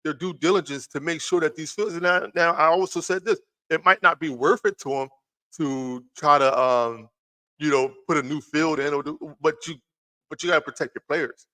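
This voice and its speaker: A man's voice: a little high, moderate pace, sharp tone. A man hosting a casual live sports talk stream from home, rambling and repeating himself as he talks to his chat. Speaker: sports talk show host. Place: home room, lights just turned on.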